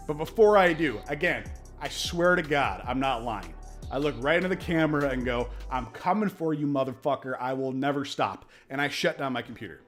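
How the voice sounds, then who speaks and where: A man streaming casually from his home office, telling a story in a profane, emphatic way. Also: fairly high pitch. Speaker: crypto streamer. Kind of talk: casual livestream chat.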